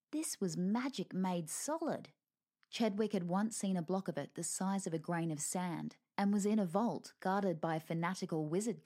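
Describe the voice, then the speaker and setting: A woman's voice: mid-range voice, darkish tone. Wry woman narrating a storybook. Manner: wry and lighthearted.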